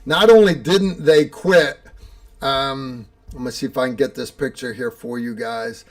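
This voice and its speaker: A man's voice: a little high, animated, unhurried, creaky. A man hosting a livestream, chatting casually about a training course and answering a viewer's question. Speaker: livestream host reading patron questions. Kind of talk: casual chat.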